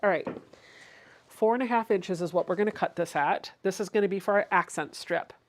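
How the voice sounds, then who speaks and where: A woman's voice: mid-range voice, brisk. A woman hosting a casual sewing livestream. She chats through each step and reads viewer comments aloud.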